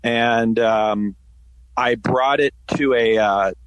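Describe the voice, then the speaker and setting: A man's voice: medium pitch, slow, smooth, dry recording, rough recording. A man in his forties, a podcast guest, telling his story in a plain conversational way with frequent fillers. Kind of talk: conversational interview answers.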